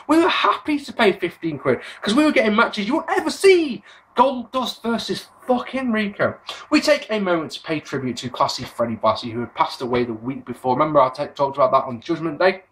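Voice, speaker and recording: A British man hosting a casual solo podcast, reviewing with sarcasm and plenty of swearing. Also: sits high. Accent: British English. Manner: animated, sarcastic, swears freely. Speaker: podcast host.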